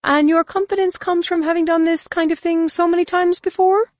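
Woman doing a high, snippy male alien. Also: fairly even intonation, dry recording. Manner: snippy, quick retorts. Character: sharp-tongued male alien mechanic. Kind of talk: audiobook character voice.

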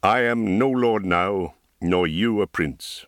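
Low and slow, a calm and wry old wizard with an easygoing, dryly humorous manner, read by a man. The sound is dry and close, with no room around it. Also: dry recording. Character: wise, wry older male wizard, calm.

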